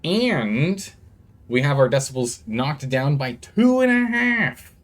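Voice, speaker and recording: A man streaming a game chats casually with his viewers, his attention drifting as he fiddles with the gain on his studio microphone. He takes it slowly, his fairly high voice swinging widely in pitch, while faint music plays behind.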